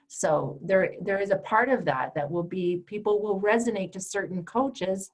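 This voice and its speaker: A woman's voice: mid-range voice, moderate pace, low-quality recording. A woman coach teaching a group call, speaking directly and emphatically and acting out the voices she quotes. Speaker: empowerment coach and trainer.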